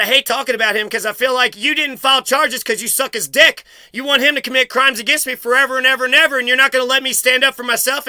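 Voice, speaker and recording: Angry man confronting someone on camera: high, very bright voice, dry close sound, profane and accusatory. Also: clear, resonant tone, no echo. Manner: accusatory, swearing, repeating himself. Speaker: vlogger confronting his mother.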